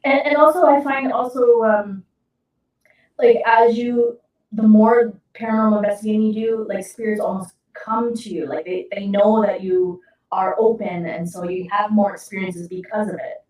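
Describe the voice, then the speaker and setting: A woman's voice: mid-range voice, fairly even intonation, moderate pace, darkish tone. A woman from Canada, a guest paranormal investigator, telling personal stories in an earnest, open way. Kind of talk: casual interview chat. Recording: echoey room, far from mic.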